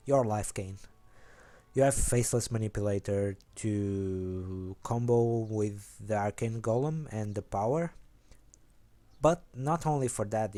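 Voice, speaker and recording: A young man casually rambling through an explanation of his card game deck, correcting himself as he goes. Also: mellow. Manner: rambling, self-correcting, low-key.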